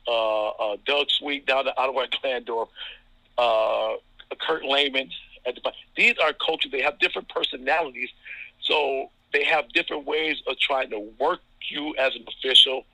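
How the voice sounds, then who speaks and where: A man from Ohio, a basketball referee, speaking with a very bright, forceful tone. He tells stories about coaches in a chuckling, chatty way, full of fillers. The sound is dry and close. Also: mid-range voice, steady tone, moderate pace, creaky, no echo, low-quality recording. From Toledo, Ohio. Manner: chuckling, anecdotal, lots of fillers. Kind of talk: casual storytelling interview.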